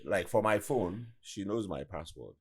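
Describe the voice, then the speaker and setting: A Nigerian man with an Igbo accent, a guest in an interview, telling stories in an animated, casual way. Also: deep voice, measured pace, breathy edge. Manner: animated storytelling, acts out quoted voices.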